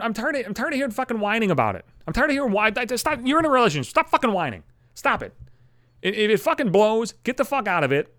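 In a high, sing-song voice, a podcast host rants quickly and bluntly into a studio microphone while alone at home, swearing throughout. The tone is fairly bright, and the recording is dry with clean studio sound.

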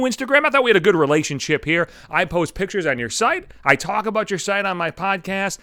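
A man's voice: sits high, animated, fairly quick, few pauses, sharp tone, dry recording, studio quality. A young man hosting his own podcast, telling a story in a profane, exasperated comic rant. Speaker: podcast host. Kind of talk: solo comedic podcast rant.

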